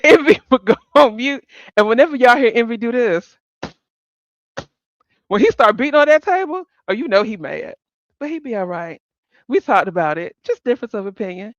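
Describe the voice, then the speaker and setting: A woman hosting a live stream, chatting casually with her audience in a blunt, profane and animated way, laughing often. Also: fairly high pitch, dry recording, studio quality. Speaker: livestream host.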